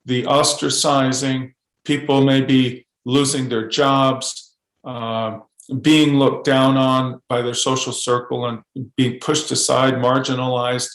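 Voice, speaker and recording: Earnest gravelly man in an echoey room. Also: medium pitch, little pitch movement, a bit bright. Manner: earnest, halting, restarts often. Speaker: guest. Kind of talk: podcast interview testimony.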